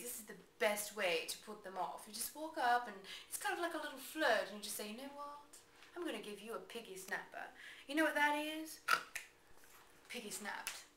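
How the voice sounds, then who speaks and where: A woman's voice: a little high, sharp tone. A woman giving a playful, teasing home video monologue with mock-bossy asides. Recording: echoey room with faint noise.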